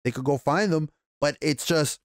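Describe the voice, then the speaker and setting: Excitable, profane man recapping a show. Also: fairly high pitch, normal speed, dry recording, clean studio sound. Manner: excitable, profane, rambling with many restarts. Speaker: TV show reviewer. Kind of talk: casual recap and review.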